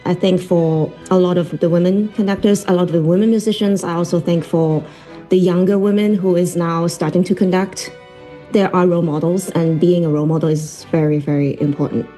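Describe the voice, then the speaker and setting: A woman's voice: lowish voice, steady tone, a little fast, dark tone, soft background music. A woman conductor from Hong Kong, answering interview questions earnestly with many fillers. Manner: earnest, lots of fillers, laughs while telling stories. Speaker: orchestra conductor. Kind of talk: broadcast interview.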